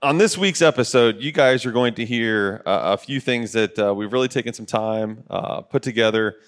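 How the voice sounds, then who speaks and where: Speaking from a studio at a moderate pace, a man in his forties with a clear, resonant, mid-range voice co-hosts a podcast. He's from Ohio, USA, and his casual, earnest delivery feels like a coach's pep talk, with lots of fillers.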